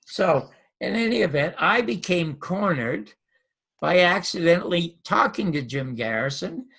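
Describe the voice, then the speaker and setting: A gravelly, husky older man spins a story for an interviewer, acting out every exchange. His voice sits a little high for a man. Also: measured pace. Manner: lively anecdotal storyteller, acts out dialogue. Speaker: guest, former TV host and comedian.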